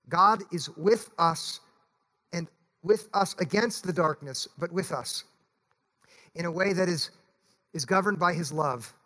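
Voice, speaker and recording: Male pastor, sermon, high voice, earnest, pleading. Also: fairly bright tone. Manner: earnest, pleading, repeats "listen". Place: church.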